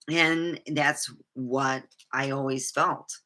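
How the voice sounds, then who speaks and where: A woman's voice: deep voice, unhurried, pushed and bright. A middle-aged woman vlogging candidly about her life, rambling and swearing freely. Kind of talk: personal storytelling monologue.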